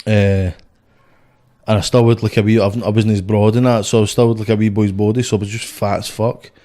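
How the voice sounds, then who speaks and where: A man's voice: on the low side, flat delivery, a little fast, mellow. Sweary Scottish man telling stories. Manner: blunt, sweary, rambling storytelling. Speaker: guest, boxer. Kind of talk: casual podcast storytelling.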